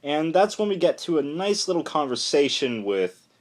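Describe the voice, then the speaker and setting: A young man giving a casual, rambling spoken review of a comic, retelling the plot excitedly with lots of fillers. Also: on the high side, moderate pace.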